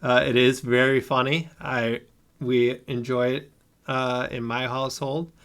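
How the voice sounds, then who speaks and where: Slow, hesitant male podcast co-host. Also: medium pitch, flat delivery, fairly bright tone, clean tone. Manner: hesitant, many filler sounds. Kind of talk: casual chat.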